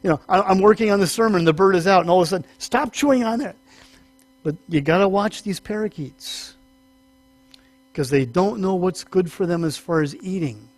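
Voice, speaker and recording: A male pastor teaching a sermon in a chatty, storytelling way, with humorous asides and quick acted-out voices in his anecdotes. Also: sits high, no room sound. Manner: animated, acts out small voices in stories.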